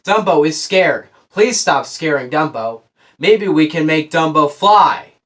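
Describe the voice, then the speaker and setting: A man mimicking a flat, whiny little girl. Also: a little high, a little slow. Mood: mocking. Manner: monotone mocking imitation. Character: flat mopey young girl, mocked.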